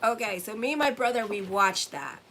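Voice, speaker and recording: A woman's voice: medium pitch, brisk, a bit bright, a little hiss or hum. A woman in her forties giving a casual weekly horoscope reading as an astrologer and tarot reader, blunt, rambling and profane.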